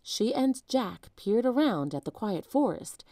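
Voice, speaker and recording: Expressive woman reading a children's book. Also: on the high side, measured pace, dry recording, studio quality. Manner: expressive, varied storytelling. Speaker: storybook reader. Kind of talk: children's book read-aloud.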